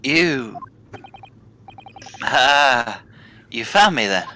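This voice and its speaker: A woman's voice: rumbling low, animated, very slow, sharp tone, slight background noise, full character voice. A woman voicing a frightened man caught hiding in a wardrobe, stammering and pleading. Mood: cowering.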